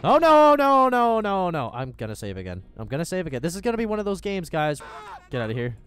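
A young man commentating his own game as he plays, reacting loudly with panicked yelling, curses and laughter. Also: mid-range voice, sing-song, fast talker. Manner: loud, jumpy reactions, swearing and panicked yelling. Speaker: gaming YouTuber. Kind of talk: let's play commentary.

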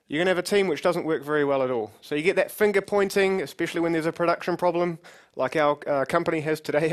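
A middle-aged man giving a conference keynote on stage as a company CEO, joking with the audience and leading it in games. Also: sits high. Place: large conference hall with audience.

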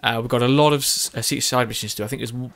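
A man's voice: mid-range voice, steady tone, racing, creaky, a bit bright. Worn out guy talking over his game, keeps restarting sentences, scratchy throat. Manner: rambling, self-correcting, chatty. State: tired with a sore throat. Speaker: gaming video host. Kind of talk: casual game commentary.

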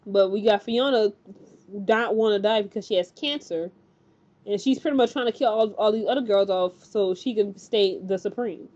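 A woman casually recapping a TV episode, talking in an animated, chatty way with lots of fillers and acted-out quotes. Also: medium pitch, normal speed, lo-fi sound. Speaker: TV recap host.

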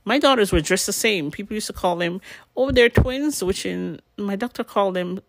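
A woman's voice: mid-range voice, a little fast, vocal fry, no room sound, studio quality. A middle-aged woman, a nurse, telling stories bluntly in casual commentary with slang and swearing. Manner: blunt, animated storytelling with lots of slang and swearing.

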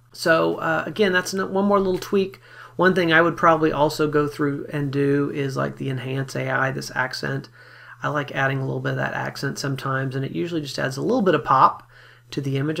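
A man giving a relaxed, step-by-step photo editing software tutorial, talking casually with fillers as he works. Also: on the high side, gravelly. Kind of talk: screen-recorded software tutorial.

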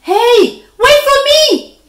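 A woman reading a storybook aloud, voicing a sly male spider trickster with excited high shouts. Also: takes it slowly, background noise. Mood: shouting. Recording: echoey room.

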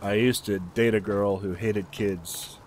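A man's voice: fairly low pitch, fairly even intonation, a little slow. A man giving casual let's-play commentary as he plays, making wry, joking asides. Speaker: gameplay commentator.

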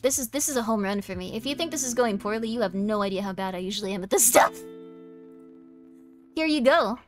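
A woman's voice: medium pitch, lively intonation, a little fast, faint music behind. A woman streamer chatting casually with her live chat, bubbly and self-deprecating, with lots of giggles and "like.". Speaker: VTuber streamer.

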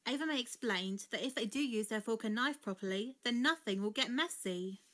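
Reading a storybook for children, a woman pitches her voice on the high side and keeps a moderate pace, giving the words plenty of expression.

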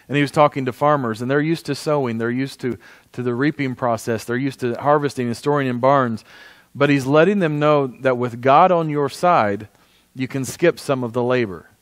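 A man's voice: medium pitch, moderate pace, no echo. A man preaching a conversational sermon as pastor, often asking the congregation for an amen. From United States.

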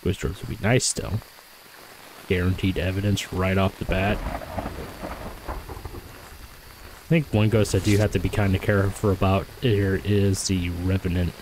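A gaming streamer with a lowish, level voice talks casually through his gameplay, thinking aloud and correcting himself, a little slowly and with frequent pauses. Occasionally he addresses the ghost he's hunting directly. There's a faint hiss beneath the recording.

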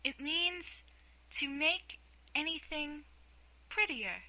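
An inquisitive, well-mannered young girl from a storybook asks earnest questions , voiced by a woman reader. The tone is bright and clear throughout. She sounds sincere, with a touch of indignation. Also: high-pitched, lively intonation, takes it slowly, voice pushed up, heavily acted. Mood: curious. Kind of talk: storybook reading.

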